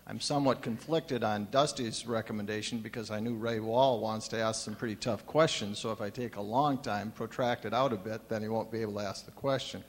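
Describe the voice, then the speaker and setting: A man's voice: lowish voice, fairly even intonation, fairly quick, hardly any pauses. Man reading panel remarks in a hall. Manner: dry humor, reads from notes. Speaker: panelist commissioner.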